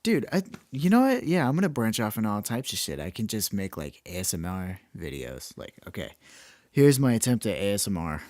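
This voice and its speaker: A man's voice: on the low side, big pitch swings, brisk, a little mellow, no echo, studio quality. A young man hosting a solo podcast, rambling casually and self-deprecatingly with plenty of swearing. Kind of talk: casual late-night ramble.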